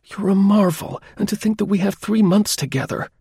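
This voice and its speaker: A man's voice: animated, moderate pace, gravelly, darkish tone, breathy edge, no room sound, clean studio sound, exaggerated voice. A man voicing a gushing young daughter. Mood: delighted. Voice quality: high, gushing. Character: young woman, excited loving daughter.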